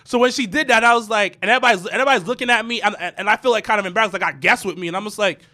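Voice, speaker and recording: A man in his thirties telling a story in casual podcast chat, animated and profane, with stammering restarts. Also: high-pitched, rapid-fire. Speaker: podcast co-host.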